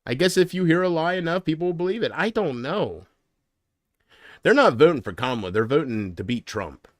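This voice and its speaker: A man's voice: a little high, very animated, fairly quick, no echo, clean studio sound. A man hosting his own livestream, rambling casually and joking, often laughing at his own jokes. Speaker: livestream host.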